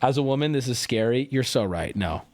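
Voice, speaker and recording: Man, streamer, casual livestream commentary, sarcastic, animated, dry close sound. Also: medium pitch, a little fast, dry recording. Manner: sarcastic, animated, breaks into mock shouting. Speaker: streamer reacting to messages for chat.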